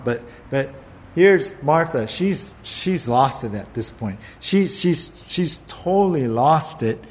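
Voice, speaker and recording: A man preaching a sermon in an earnest way, often repeating words and putting questions to his listeners. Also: mid-range voice. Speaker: pastor.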